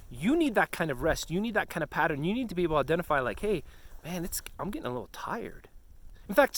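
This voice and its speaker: Earnest man urging pastors. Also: fairly high pitch. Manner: earnest, preacherly, direct address with rhetorical questions. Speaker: retreat ministry founder. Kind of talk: outdoor pep talk to pastors. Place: outdoors on a snowy ski slope.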